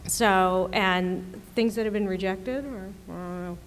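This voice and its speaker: A woman TV writer on a convention panel, chatty and quick to laugh as she tells stories. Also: medium pitch. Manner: chatty, laughs often mid-story. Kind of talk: panel discussion.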